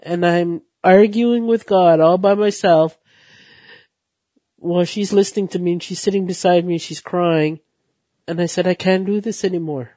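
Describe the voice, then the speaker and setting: A speaker giving a personal faith testimony, halting and emotional, with pauses and repeated phrases. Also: medium pitch, fairly even intonation, mellow, no room sound. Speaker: guest sharing a personal testimony.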